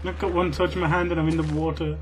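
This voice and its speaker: A man's voice: a little high, little pitch movement, fast talker, over a noisy crowd. A young man hosting a gaming video, joking around, pleading and teasing in a goofy, whiny way. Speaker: gamer host. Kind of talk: casual gaming banter. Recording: game music behind.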